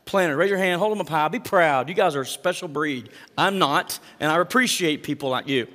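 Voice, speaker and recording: A male pastor delivers a sermon in a church, his voice sitting a little higher than most men's. He talks in a chatty, animated way, tossing quick asides to the congregation, and a long reverb from the hall trails each phrase. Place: church sanctuary.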